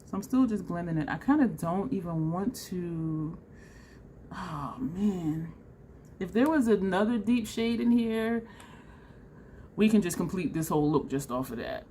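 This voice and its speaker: A woman vlogging a makeup tutorial in a chatty, excitable way, talking straight to her viewers. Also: fairly low pitch, a little slow, slight background noise. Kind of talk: casual makeup tutorial chat.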